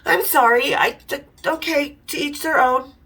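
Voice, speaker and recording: This middle-aged Utah woman hosts a podcast where she casually tells frank, irreverent stories, now and then breaking into laughter. She talks a little slowly in a high, bright, forceful voice, recorded with poor audio.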